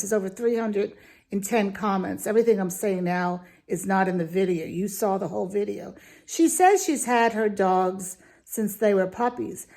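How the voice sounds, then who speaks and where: A woman's voice: mid-range voice, vocal fry, a little mellow. A woman giving an opinionated video review, talking in an indignant, emphatic, ranting way. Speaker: dog food reviewer.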